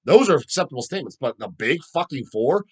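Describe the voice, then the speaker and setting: Middle-aged male vlog host, profane ranter, lively pitch. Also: fast talker, husky. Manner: profane, heated ranting. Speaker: channel host. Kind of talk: ranting solo vlog.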